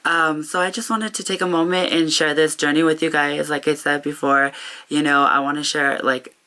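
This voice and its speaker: Bright-voiced young woman, halting and heartfelt. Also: sits low. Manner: halting, with frequent pauses and restarts; heartfelt and open. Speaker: vlogger. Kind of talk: reflective personal vlog talk.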